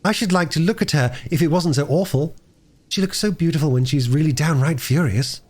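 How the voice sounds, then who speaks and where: A man's voice: on the high side, a little fast, pitched above the performer's own voice, close to an everyday voice. A man reading aloud voices a wide-eyed, fanciful little girl. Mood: dreamy. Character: dreamy little girl, the younger sister.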